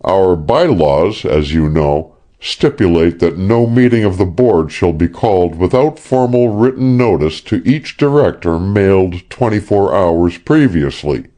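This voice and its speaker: A man's voice: low voice, lively intonation, a little slow, hardly any pauses, dark tone. A man voicing a formal, apologetic company manager in an audiobook.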